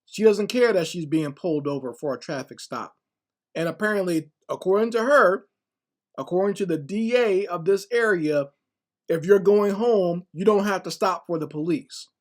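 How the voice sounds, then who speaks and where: A man's voice: high voice, moderate pace. Sarcastic man firing rhetorical questions. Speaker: commentator reacting to a video. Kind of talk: casual reaction commentary.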